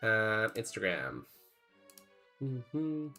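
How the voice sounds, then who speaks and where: A man's voice: lowish voice, big pitch swings, drawn-out words, bright, forceful tone, faint music behind. A young man streaming a game, chatting casually and rambling as he reads chat aloud in a laid-back way.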